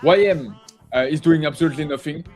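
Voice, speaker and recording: Guy with a pretty high voice live-streaming his trades, rambly, keeps humming ta ta ta, soft music in the back. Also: fast talker. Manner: rambling, self-correcting, humming "ta ta ta" while watching charts. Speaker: live trading show host. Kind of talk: casual live-stream market commentary.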